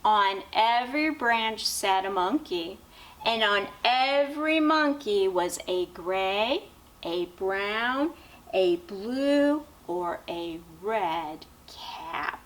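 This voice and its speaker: Very slow, expressive woman reading aloud. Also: mid-range voice. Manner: expressive, drawn-out storytelling with questions to young listeners. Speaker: teacher and education dean. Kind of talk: children's picture book read-aloud.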